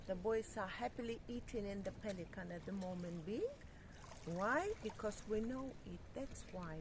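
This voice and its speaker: A woman's voice: medium pitch, moderate pace. A woman co-hosting a casual outdoor vlog at a seaside harbour, speaking playfully and teasing. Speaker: vlog co-host. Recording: outdoor noise in the background.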